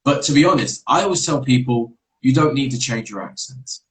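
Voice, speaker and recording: A man from England with a London accent, an English teacher giving encouraging advice in a relaxed interview chat, with easy hesitations. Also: medium pitch, a little fast, poor audio.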